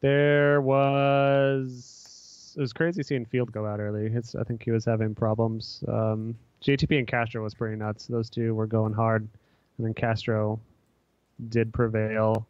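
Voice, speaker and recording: A man's voice: on the low side, little pitch movement, measured pace, darkish tone, smooth, muffled recording. A man hosting a casual podcast, talking in a laid-back, rambling, slangy way. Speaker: podcast host.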